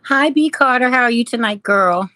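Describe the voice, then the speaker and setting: A woman's voice: a little high, lively intonation, moderate pace, sharp tone, no room sound. A woman hosting a casual live chat, reading comments aloud, teasing her viewers and laughing often. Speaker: livestream host.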